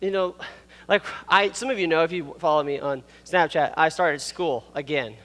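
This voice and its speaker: Playful high-voiced pastor on stage. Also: male voice, moderate pace, a bit bright, big-room sound. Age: 30s. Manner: casual and playful, with asides and laughs. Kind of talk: youth sermon. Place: stage in a church hall. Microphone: wearing a microphone.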